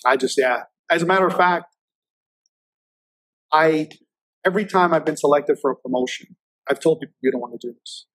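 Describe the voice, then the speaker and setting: A man's voice: fairly high pitch, normal speed, pauses often, fairly bright tone, no room sound, low-quality recording. A man in his fifties, a federal agent guest telling stories casually in an interview, with a loose, filler-heavy way of talking.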